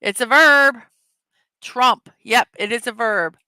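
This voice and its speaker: Woman, morning show host, casual chat, upbeat, unhurried, clear voice. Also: on the high side, bright, forceful tone, no echo. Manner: upbeat, chatty, greets viewers by name; reads words slowly one at a time. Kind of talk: casual livestream chat, reading puzzle words and memes aloud.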